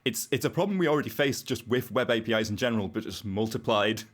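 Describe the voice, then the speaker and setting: A man's voice: lowish voice, fast talker. A British man, a guest on a podcast, explaining technical ideas in a casual, wry way and thinking aloud as he goes. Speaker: podcast guest, browser engineer.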